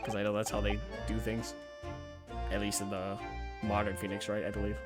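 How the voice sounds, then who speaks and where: A man playing a story game, reading its dialogue aloud and adding quiet, offhand, hesitant asides. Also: lowish voice, completely flat delivery, fairly quick, pauses often. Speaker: let's play gamer. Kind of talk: casual game commentary while reading dialogue. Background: game music.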